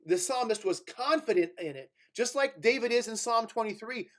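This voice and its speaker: A man with a fairly high voice delivers a sermon from a church pulpit. He moves between plain teaching talk and weighty scripture reading, pressing hard on key words, with fillers and restarts along the way. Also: moderate pace, hardly any pauses, a bit bright. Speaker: preacher. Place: church sanctuary.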